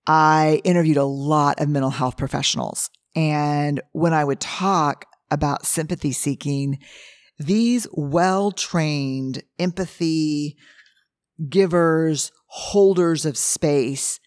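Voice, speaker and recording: A hoarse woman hosting a podcast, telling animated stories in a casual monologue and acting out what people said. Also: low-pitched, dry recording, studio quality. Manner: animated storyteller who acts out quotes, with frequent restarts. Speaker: podcast host and researcher. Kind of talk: casual monologue answering listener questions.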